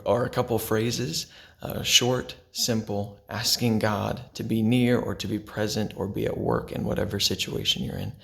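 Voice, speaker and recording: Pastor, male, gravelly tone, soft-spoken devotional delivery, sinks to near-whispers. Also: lowish voice. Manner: gentle, unhurried, drops to a hush for quiet lines. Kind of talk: devotional sermon to camera.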